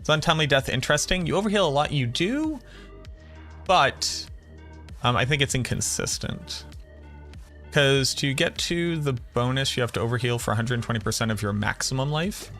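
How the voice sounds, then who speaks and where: A man's voice: mid-range voice, expressive, normal speed, fairly bright tone, faint music behind. A man from the Boston area streaming a game, thinking aloud and chatting with viewers as he plays. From Boston area, USA. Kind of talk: live-stream gameplay commentary.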